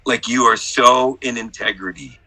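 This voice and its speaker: A middle-aged man with a very bright, ringing voice swears freely as he talks. He drops into low, quiet confession, then climbs into shouted, exuberant hype. His pitch sits in the ordinary middle for a man. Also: normal speed, poor audio. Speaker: workshop participant. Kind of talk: emotional testimonial on a group video call.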